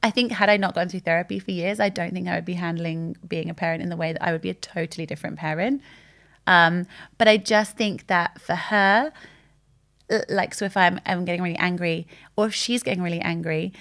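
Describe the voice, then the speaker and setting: A woman's voice: on the low side, brisk. A woman, a podcast guest talking candidly and telling stories with quoted voices. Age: 30s. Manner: open, animated storytelling with quoted voices. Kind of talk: candid conversational chat.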